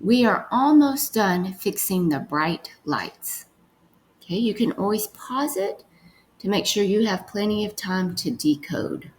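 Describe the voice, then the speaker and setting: Slow-paced woman teaching phonics. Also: mid-range voice, animated, poor audio. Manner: slow, careful dictation, sounding words out. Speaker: reading teacher. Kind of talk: recorded phonics lesson.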